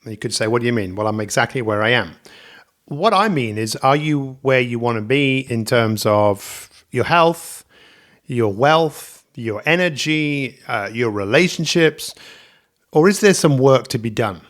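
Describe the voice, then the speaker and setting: Energetic upbeat man hosting a podcast. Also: medium pitch, measured pace. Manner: energetic, upbeat, repeats catchphrases. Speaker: podcast host and coach. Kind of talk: motivational solo podcast. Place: indoors at home, coffee in front of him.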